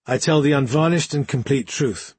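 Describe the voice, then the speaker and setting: A man's voice: medium pitch, normal speed, darkish tone, breathy edge, no room sound, lightly acted. A man doing a jaunty, boastful young warrior monk. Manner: jaunty, grinning, storytelling swagger.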